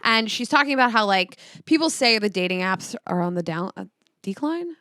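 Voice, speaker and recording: A woman's voice: mid-range voice, animated, a little fast, a bit bright, no echo, studio quality. A woman co-hosting a podcast, talking frankly and casually about dating. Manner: frank, conversational, mild swearing. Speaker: podcast co-host. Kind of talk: casual chat.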